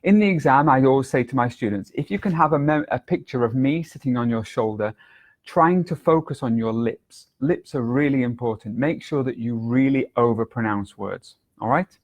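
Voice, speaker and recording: This medium-pitched man is an English exam tutor giving a video lesson, talking in a clear, deliberate way and overdoing his intonation for demonstration.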